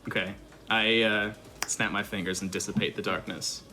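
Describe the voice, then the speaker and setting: A man lays out his character's moves with a bright, forceful tone. His voice sits low and cuts through, with faint music underneath. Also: steady tone, normal speed. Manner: decisive, declaring actions. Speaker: player. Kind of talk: tabletop game play.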